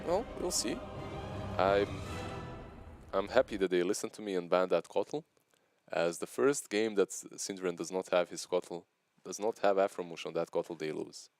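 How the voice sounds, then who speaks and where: A man's voice: low-pitched, moderate pace, creaky, a little mellow, soft background music. A man co-casting a live esports match as the analyst, laid-back and joking with a wry, offhand tone. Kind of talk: live game commentary.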